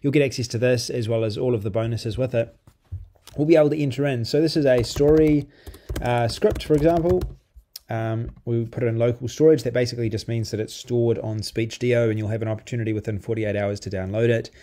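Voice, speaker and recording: A man giving a loose, conversational walkthrough of a piece of software, full of ums and restarts as he clicks along. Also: mid-range voice, steady tone, a little fast. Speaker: software reviewer. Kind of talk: casual screen-recorded software walkthrough.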